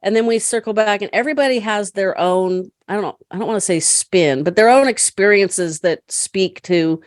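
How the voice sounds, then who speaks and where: A middle-aged woman, a podcast guest, chatting and telling stories in a lively way, laughing often. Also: mid-range voice, moderate pace, no room sound, studio quality. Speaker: podcast guest, caregiver advocate. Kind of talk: storytelling in casual conversation.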